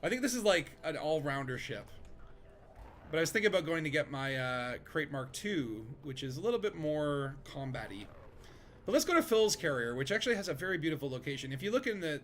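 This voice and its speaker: A man's voice: a little high, very animated, fairly quick, fairly bright tone, slight background noise. A man streaming a space game from his home desk, chatting casually with friends, rambling and joking with lots of fillers. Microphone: desk microphone.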